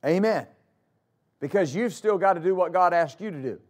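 A male pastor preaching a sermon, emphatic, repeating phrases for stress and swinging between loud declarations and quiet asides. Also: sits high, animated, moderate pace.

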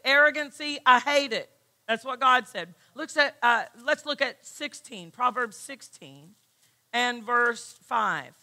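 A woman's voice: high-pitched, bright, forceful tone. A woman pastor preaching a sermon, emphatic and full of rhetorical questions.

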